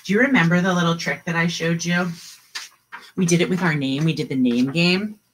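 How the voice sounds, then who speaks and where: A woman teaching an online kindergarten class, modeling letter sounds slowly and cheering the children on. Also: lowish voice, fairly bright tone, slight background noise. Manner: slow, encouraging, drawn-out sound modeling. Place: home, video meeting.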